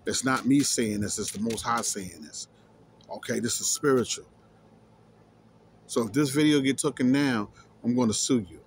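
A man's voice: mid-range voice, moderate pace, long pauses, slight background noise. A man reading scripture aloud and explaining it emphatically, repeating key words and challenging his listeners. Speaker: scripture teacher.

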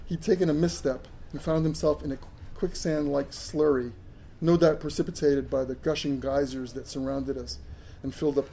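A man's voice: a little high, creaky, mellow, a little hiss or hum, low-quality recording. A man reading his own first-person science fiction story aloud, earnest, with occasional stumbles over words.

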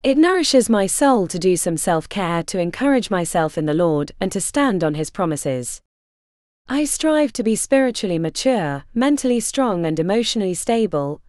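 A woman's voice: mid-range voice, dry recording. A woman narrating a faith-based devotional audiobook in an earnest, encouraging way, close to the microphone. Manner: earnest, encouraging, expressive inflection.

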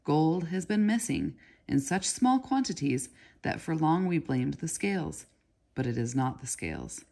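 A woman voicing a deep, gentle old goldsmith. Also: big pitch swings, unhurried, creaky, exaggerated voice. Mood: grave. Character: kindly, weary older male goldsmith.

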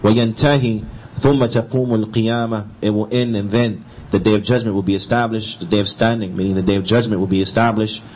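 Fast-talking emphatic man teaching religion. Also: lowish voice, steady tone, a little mellow, husky, low-quality recording. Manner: switches between recited Arabic and English explanation, emphatic and repetitive. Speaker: Islamic teacher. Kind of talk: lecture explaining a hadith.

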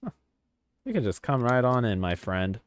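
A man's voice: medium pitch, big pitch swings, clean tone, lightly acted. A man putting on a heavy accent to play a stern foreign border inspector in a video game. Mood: gruff welcoming. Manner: slow, heavy put-on accent.

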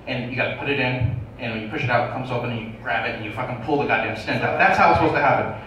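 A man's voice: medium pitch, rapid-fire, a bit bright, a little hiss or hum. A man doing stand-up, telling a profane, self-mocking story to a crowd. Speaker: stand-up comedian. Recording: echoey room, distant dull mic.

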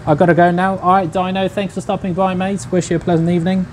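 A man's voice: high-pitched, level tone, fast talker, a little mellow, slight background noise, rough recording. A young man casually chatting to his viewers while he cooks on a livestream, in a laid-back, slangy way. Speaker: streamer. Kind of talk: casual cooking livestream chat.

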